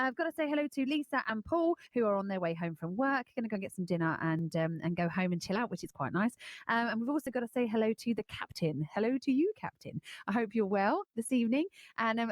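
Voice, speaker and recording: A woman presenting on local radio, giving chatty shout-outs to listeners. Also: a little high, no room sound.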